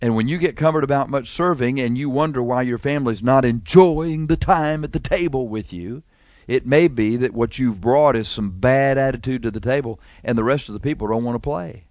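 A male preacher delivering a sermon in a mid-pitched voice. He talks animatedly, piling up rhetorical questions and slowing down to lean on key phrases. The recording is dry and close, with no room echo. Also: a little mellow.

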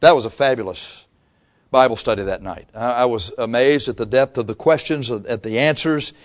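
A man's voice: mid-range voice, normal speed. A male pastor preaching a sermon in a conversational way, with frequent restarts and quotes he acts out.

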